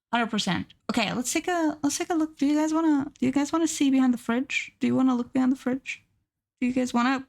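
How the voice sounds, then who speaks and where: A woman streaming live and chatting casually with her viewers, repeating herself and gushing in high squeals.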